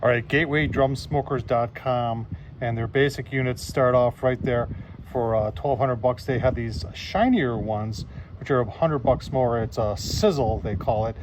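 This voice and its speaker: A man hosts a casual outdoor barbecue demonstration, chatting in a folksy way to his viewers. Steady outdoor noise runs under his voice. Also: medium pitch, moderate pace. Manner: folksy, keeps saying "folks" and "I tell you what". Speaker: barbecue video host.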